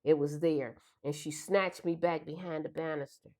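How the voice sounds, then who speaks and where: A woman's voice: sits low, fairly even intonation, normal speed, a little mellow. A middle-aged woman, emotionally retelling a childhood memory and acting out the voices in it. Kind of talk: personal storytelling.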